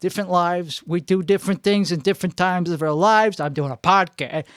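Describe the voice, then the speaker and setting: A man's voice: sits high, a little fast, a bit bright, smooth, no room sound, clean studio sound. A man hosting a podcast, rambling through a comic monologue and slipping in and out of a put-on frantic Chicago-style accent, cutting himself off mid-thought. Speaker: podcast host. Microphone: two microphones up close.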